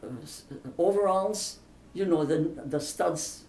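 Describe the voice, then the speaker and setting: A woman's voice: lowish voice, takes it slowly, dark tone. An older woman in a casual interview, telling family stories in a chatty, emphatic way. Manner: chatty, emphatic, laughs through her stories. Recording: roomy, distant mic, faint background hiss.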